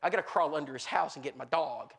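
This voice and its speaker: Preacher guy telling stories in a sermon, high bright voice, stumbles and restarts a lot. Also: quick pace, gravelly. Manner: animated, acts out the people in his stories; frequent restarts and filler words. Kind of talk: storytelling sermon.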